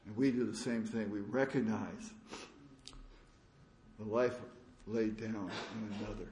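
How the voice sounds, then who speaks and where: A man giving a conference sermon, telling stories in a halting, earnest way with many restarts. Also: lowish voice, steady tone, a little mellow. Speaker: preacher. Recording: echoey room.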